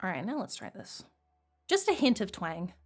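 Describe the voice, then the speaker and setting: A woman's voice: medium pitch, huge pitch swings, moderate pace, faint music behind. A woman with a mild Australian accent, chatting casually to her live-stream audience, laughing often while she sorts out tech problems.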